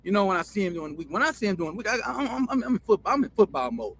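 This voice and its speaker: A man's voice: sits high, sing-song, very fast, fairly bright tone, slight background noise, exaggerated voice. A man acting out a furious, profane middle-aged football coach in a heated, defiant rant. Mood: angry.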